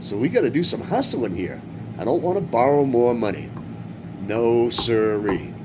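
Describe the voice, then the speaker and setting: A man's voice: mid-range voice, big pitch swings, a little fast. A man from Massachusetts giving rambling, joking commentary while streaming a farming game. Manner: chatty, rambling, joking asides. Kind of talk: casual gameplay commentary. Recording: game vehicle engine noise behind.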